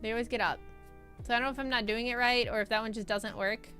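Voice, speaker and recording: A woman streamer chatting casually and telling stories while answering chat, animated and laughing often. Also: a little high, quick pace, faint music behind.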